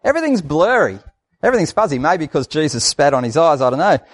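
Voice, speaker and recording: A man's voice: fairly high pitch, sing-song, quick pace. An Australian man preaching a sermon in a conversational, folksy way, repeating phrases for emphasis.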